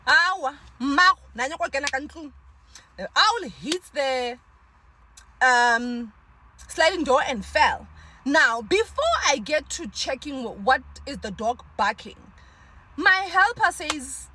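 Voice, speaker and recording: A woman telling a dramatic story, animated and full of exclamations. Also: high voice, slow pace, slight background noise, poor audio. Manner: animated, exclaiming, mixing in local words.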